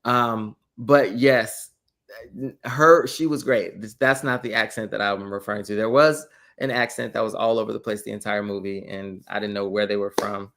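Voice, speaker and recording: A man co-hosting a podcast in casual chat, giving candid, measured opinions with a chuckle. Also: on the low side, steady tone, a bit bright. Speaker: podcast co-host.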